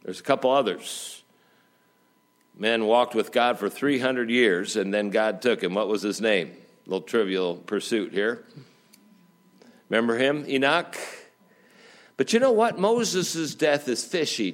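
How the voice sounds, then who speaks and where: A middle-aged man preaches a sermon, telling stories with joking asides. His delivery is lively, mixing quiet remarks with emphatic turns. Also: mid-range voice, measured pace, pauses often. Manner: lively storytelling with jokes and asides. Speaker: pastor.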